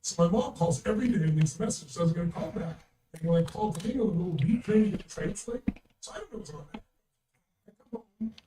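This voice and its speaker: A man's voice: sits high, animated, fast, recorded from a distance, background noise. An older man telling a story as a guest, in an emphatic, blunt way and swearing freely. He is recorded in a roomy space, away from the mic. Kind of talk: anecdotal storytelling.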